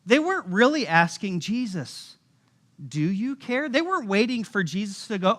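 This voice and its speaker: Animated high-voiced man preaching. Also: moderate pace. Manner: casual, animated storytelling with voiced asides. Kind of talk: sermon. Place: church.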